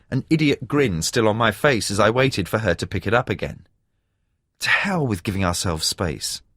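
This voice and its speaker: A male audiobook narrator with a mid-pitched voice, reading a first-person thriller with measured, expressive delivery. His intonation rises and falls a great deal, and the close studio recording is completely dry. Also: no echo. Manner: measured storytelling with expressive emphasis.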